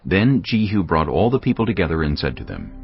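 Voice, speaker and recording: Narrator, man, very deep and gravelly, dramatic and measured scripture reading. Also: big pitch swings. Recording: dull lo-fi with background music.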